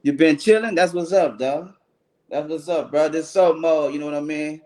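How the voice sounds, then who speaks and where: Livestream host, man, slangy laid-back banter, bit high voice. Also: moderate pace, darkish tone. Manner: loose slangy banter, calls out viewers by name. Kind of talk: casual livestream chat greeting viewers.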